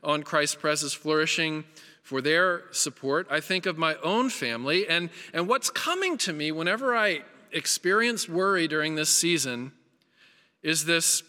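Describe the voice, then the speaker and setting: A man preaches with an earnest, emphatic delivery, his bright, forceful tone carrying through a hall with a long reverb. His voice sits a little high for a man, and he hammers his points home by repeating them. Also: expressive, measured pace. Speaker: pastor. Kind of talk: sermon.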